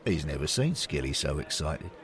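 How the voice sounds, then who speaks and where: A man narrating a scripted story in an unhurried, expressive way. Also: a bass voice, a faint crowd.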